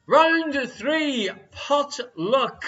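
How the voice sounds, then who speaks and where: A man's voice: extremely high pitch, expressive, very slow, a bit bright, dull audio. An Irish man hosting a live-streamed quiz, reading out answers and teasing viewers with jokey banter. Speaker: quiz show host.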